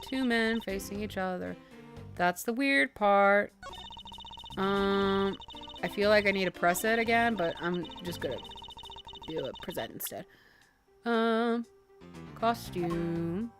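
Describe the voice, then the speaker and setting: A woman's voice: mid-range voice, takes it slowly, long pauses, over music. A woman streamer commenting casually while playing a game, with murmured asides.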